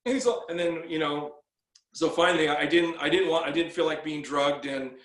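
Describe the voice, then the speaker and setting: Echoey, higher-pitched man telling a rambling story. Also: a little fast, a loud crowd. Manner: rambling, repeats words, acts out quoted exchanges. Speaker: guest telling his story. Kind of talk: casual storytelling.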